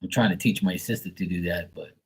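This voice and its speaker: A man's voice: sits low, a little fast, vocal fry, husky. A man chatting casually on a live stream, telling family stories in a blunt, profane, rambling way. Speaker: live stream tarot reader. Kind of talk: casual storytelling chat.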